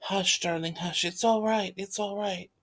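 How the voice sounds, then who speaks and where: A woman reading the part of a gentle, protective mother in a play read aloud, speaking in a soft, calming way. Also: lowish voice, normal speed, lightly acted. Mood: soothing.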